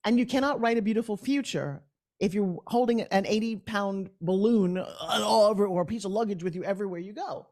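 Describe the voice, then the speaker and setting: A middle-aged woman, a guest on an interview show, talking in an energetic, emphatic and upbeat way. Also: mid-range voice, a little fast. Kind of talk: conversational interview.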